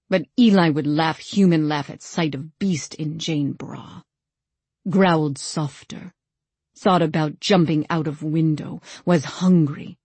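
Woman audiobook narrator, low voice, husky tone, dry close sound, measured first-person read. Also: a little mellow, no room sound. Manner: measured, deliberate reading.

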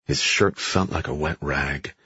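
A man reading a thriller audiobook in a measured, steady way. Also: extremely low pitch, husky, dry recording, lo-fi sound. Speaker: audiobook narrator. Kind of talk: scripted narration.

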